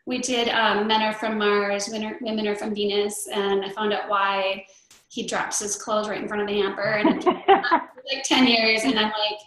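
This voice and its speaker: A woman's voice: medium pitch, steady tone, normal speed, fairly bright tone. Chatty middle-aged woman in an echoey room. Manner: chatty, rambling with many fillers and restarts. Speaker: interview guest. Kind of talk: casual chat.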